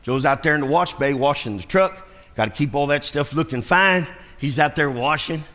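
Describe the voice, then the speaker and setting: A man's voice: fairly high pitch, moderate pace, a bit bright. A man preaching a sermon, telling stories animatedly and acting out the voices of the people in them. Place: church sanctuary. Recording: long church reverb.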